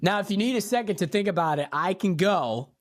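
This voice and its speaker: A man's voice: high voice, lively intonation, brisk, dry recording. A young man hosting a casual podcast, talking bluntly and swearing freely. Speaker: podcast host. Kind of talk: casual chat.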